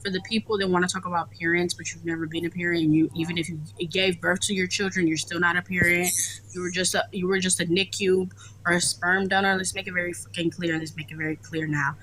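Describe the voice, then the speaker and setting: A woman's voice: on the low side, flat delivery, fast talker, fairly bright tone, slight background noise, rough recording. A young adult woman ranting on a casual live stream, blunt, profane and emphatic.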